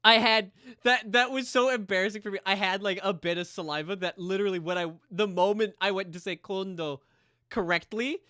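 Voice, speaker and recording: Bright, high-voiced man, agreeable. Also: clean tone, no room sound, clean studio sound. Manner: agreeable, quick to laugh at himself. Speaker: streamer host. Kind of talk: casual chat on a live stream.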